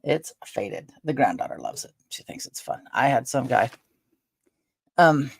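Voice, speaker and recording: A woman's voice: a bass voice, animated, unhurried, creaky, slightly rough. An older woman chatting casually on her vlog at home, rambling with lots of fillers. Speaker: vlogger. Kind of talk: casual chat.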